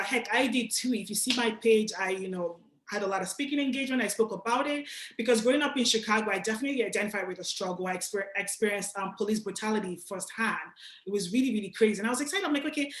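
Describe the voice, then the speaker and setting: A young woman from Nigeria giving a casual, animated motivational talk to an audience, speaking directly and with slang. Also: a little high, echoey room. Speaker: guest speaker.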